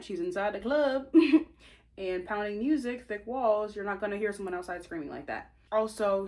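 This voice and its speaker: This is a young woman chatting casually as she does her makeup. Her voice sits a little low, and she tells the story in an animated, slangy way. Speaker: vlogger and author.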